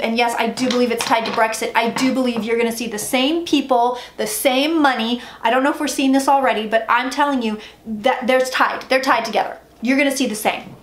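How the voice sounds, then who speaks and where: Woman doing a tarot reading, talks super fast like an auctioneer, swears a lot, kinda high voice, echoey room. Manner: rapid, profane, emphatic, says she talks like an auctioneer. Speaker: psychic tarot reader. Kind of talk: excited tarot reading monologue. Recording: echoey room with faint noise.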